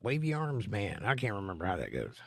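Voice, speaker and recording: A man's voice: lowish voice, wildly swooping pitch, a little fast, gravelly, husky, no room sound, studio quality. A middle-aged man, hosting a live stream and reading viewer comments aloud with a joking, chatty manner. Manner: joking, chatty, answers chat directly.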